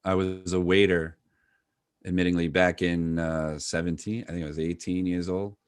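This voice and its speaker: A man's voice: low voice, little pitch movement, moderate pace, clean tone, no echo. A man chatting casually, asking rambling, hesitant questions with many fillers. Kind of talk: casual chat.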